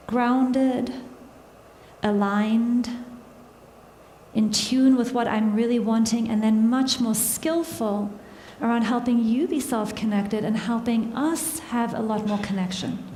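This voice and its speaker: A woman's voice: fairly high pitch, a little mellow, slight background noise. A woman giving a conversational talk to a live audience, engaging them with questions and laughing at herself. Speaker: workshop speaker. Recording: echoey hall with long reverb.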